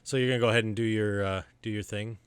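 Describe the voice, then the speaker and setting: A man's voice: fairly low pitch, steady tone, quick pace, clear, resonant tone, dry recording. A man running a tabletop game as game master, narrating in an easygoing way with lots of fillers and restarts.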